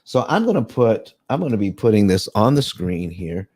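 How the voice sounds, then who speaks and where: A man with a mellow, fairly low voice hosts a live online room about paying off home loans. He talks loosely, restarts his sentences often and greets his listeners one by one. The sound is dry and close, with no room around it. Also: big pitch swings, moderate pace, dry recording. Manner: loose and rambling, many restarts and fillers, calls out listeners by name. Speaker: host of a live audio room on paying off mortgages. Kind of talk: casual live room hosting, explaining finance.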